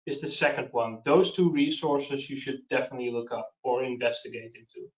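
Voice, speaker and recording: A man's voice: mid-range voice, moderate pace, far from the mic. A man presenting a webinar and answering questions in a casual, hesitant way, often restarting his sentences. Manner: hesitant, restarts, practical advice. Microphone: video call. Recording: lo-fi roomy web call.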